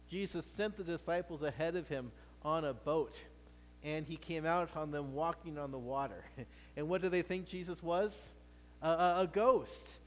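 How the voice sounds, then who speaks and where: High-voiced preacher in a reverberant hall. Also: male voice. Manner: animated, with stammered restarts and playful asides. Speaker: pastor. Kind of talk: sermon.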